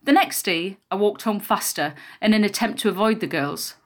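A woman narrating a first-person memoir in a quiet, measured storytelling voice. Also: medium pitch.

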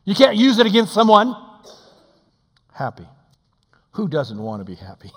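An older man preaching a sermon, animated and emphatic, with folksy humor and quoted scripture. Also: high-pitched, moderate pace, breathy edge, long reverb tail.

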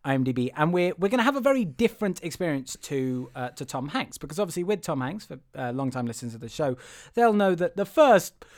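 High-voiced, teasing podcast host man. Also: big pitch swings, fast talker, few pauses. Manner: laughing, stammering restarts, teasing. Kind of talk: casual chat, podcast hosting.

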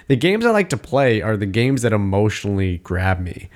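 A man chatting casually, telling rambling, profane, animated stories. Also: fairly low pitch, moderate pace. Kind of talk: casual chat.

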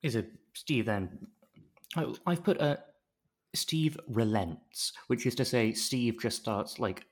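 A man's voice: medium pitch, takes it slowly. A man co-hosting a podcast, chatting casually and jokily acting out quotes in different voices. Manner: animated, jokey, acts out quotes in voices. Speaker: podcast co-host recapping a TV episode. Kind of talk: casual chat.

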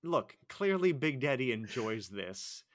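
A man's voice: mid-range voice, very animated, a little slow, no room sound. A man co-hosting a casual podcast, talking through a film's plot with dry, wry remarks. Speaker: podcast co-host. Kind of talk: casual movie recap chat.

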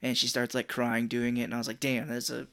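A man co-hosts a laid-back film podcast, recapping scenes in loose, profane chat. When he quotes people he slips into quick put-on voices. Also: medium pitch, completely flat delivery, vocal fry, fairly bright tone. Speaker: podcast co-host. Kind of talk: casual chat.

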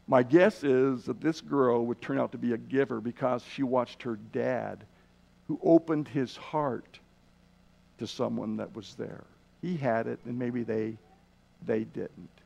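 A man teaching a Bible lesson in a sermon style, telling stories earnestly and slowing down on key words. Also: mid-range voice, gravelly, darkish tone. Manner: earnest storytelling, slows down for emphasis. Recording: dull lo-fi recording.

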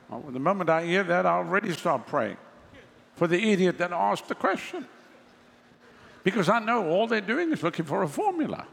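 A man's voice: high-pitched, big pitch swings, moderate pace, creaky, a bit bright, big-room sound. A man preaching a sermon as pastor, talking to the congregation in a casual, wry way with mocking asides.

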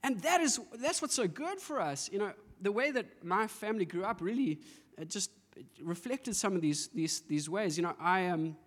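A man's voice: high voice, lively intonation, normal speed, long reverb tail. A man pastor preaching a sermon, telling stories with playful acted-out asides. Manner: storytelling with playful voiced asides and laughter.

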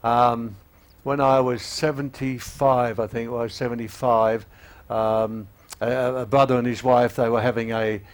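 Man in his eighties, preacher, emotional sermon, halting delivery, mid-pitched voice. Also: little pitch movement. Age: 80s. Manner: emotional, halting with fillers and restarts; rises in pitch and volume when urging repentance.

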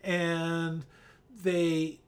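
A man co-hosting a casual chat show, his voice sitting a bit higher than most men's. He talks in a halting way, pausing on ums and repeating words as he gathers his thoughts. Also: monotone. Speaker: podcast co-host.

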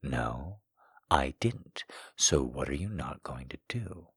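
Brief: stern dominant man in a hushed, threatening whisper, read by a man, whispered role-play. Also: lively intonation, slow pace, husky, dry recording, studio quality, full character voice. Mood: menacing. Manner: low menacing whisper. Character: stern commanding man in an erotic story.

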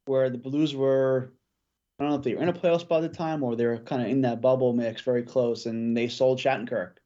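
A man chatting casually about hockey as a podcast guest, thinking out loud with fillers and restarts. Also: mid-range voice, steady tone, fairly quick, dull audio. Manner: thoughtful, many fillers and restarts. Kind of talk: casual sports chat.

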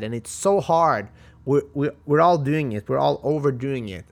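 Gravelly Swedish-accented podcast host. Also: male voice, medium pitch, expressive, moderate pace. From Sweden. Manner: chatty, motivational, with frequent restarts. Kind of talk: casual storytelling monologue.

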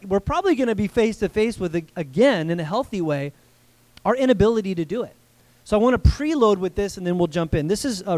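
A man's voice: high voice, a little mellow, no echo. A man preaching a sermon as pastor, earnest and emphatic, often putting questions to the congregation.

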